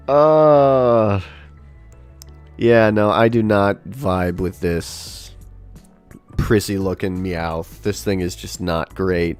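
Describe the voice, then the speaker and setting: A man giving casual livestream commentary, chatty and thinking out loud, laughing often. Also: on the low side, takes it slowly, long pauses, clean tone, soft background music. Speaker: livestreamer ranking a tier list.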